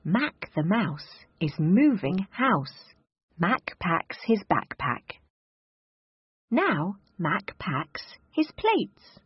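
A woman's voice: fairly low pitch, sing-song, very slow, breathy edge, dull audio. A woman reading a children's picture book aloud in a sing-song, exaggerated storybook manner.

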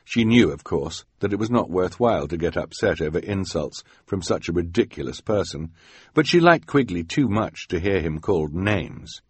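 A man reads a storybook aloud with wry, expressive narration. His voice is low and husky, with lively swings in pitch. The recording is close and dry. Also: normal speed, no echo. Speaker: audiobook narrator.

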